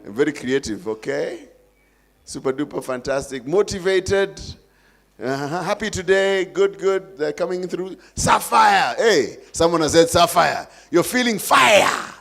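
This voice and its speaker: A man's voice: on the high side, measured pace, vocal fry. A man with a Kenyan accent hosting a live forum, coaxing and playful with the audience. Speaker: event host.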